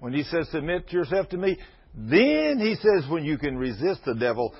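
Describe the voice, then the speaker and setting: A man's voice: a little high, big pitch swings, moderate pace, slightly rough. A man in his sixties preaching to a congregation, folksy and emphatic, slipping into fervent prayer. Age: 60s. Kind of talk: sermon. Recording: dull lo-fi recording.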